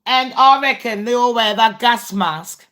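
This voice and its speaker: British female host, chatty livestream, blunt, sweary, rambling delivery with a bright, sharp tone. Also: on the high side, unhurried. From Britain. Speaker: channel host. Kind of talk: casual livestream chat with viewers.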